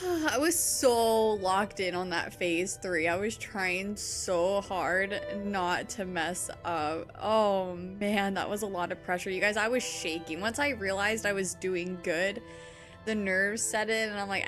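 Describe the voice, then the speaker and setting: A woman's voice: medium pitch, slow, fairly bright tone. Gushing woman streamer, faint music behind. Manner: gushing, emotional, chatty. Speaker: variety game streamer. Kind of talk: casual live-stream chat.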